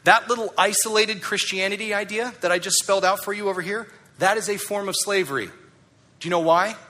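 Male pastor, sermon, bright forceful tone, slightly high voice, rhetorical questions, emphatic. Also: fairly quick.

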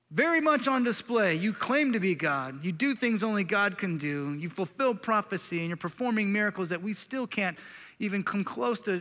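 In a church sanctuary, a middle-aged male pastor preaches an earnest, confessional sermon in a high-pitched voice. He rises to loud emphasis and drops to quiet intensity, his voice carrying through a large hall.

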